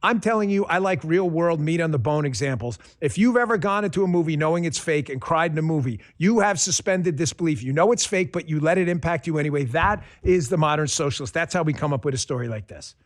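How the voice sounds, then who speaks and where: A man's voice: a little high, animated, quick pace, hardly any pauses. A man hosting a political commentary show, talking in a sarcastic, riffing monologue. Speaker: host.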